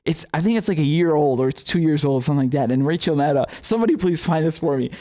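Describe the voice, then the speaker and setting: A man's voice: a little high, expressive, fast talker, mellow. A young man hosting his own political commentary show, talking casually, sarcastic, swearing freely and laughing often.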